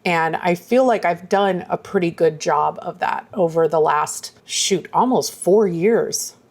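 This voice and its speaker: A woman's voice: on the low side, measured pace, creaky, darkish tone. A woman vlogger talking casually to her viewers, rambling and self-deprecating, earnest and openly emotional. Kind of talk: casual chatty vlog.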